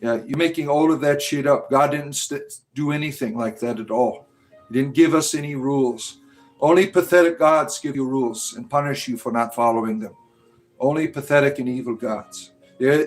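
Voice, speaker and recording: With soft music in the background, a man hosts a livestream and responds to his chat casually but with a sarcastic, scornful edge. His voice is medium-pitched and his pace moderate.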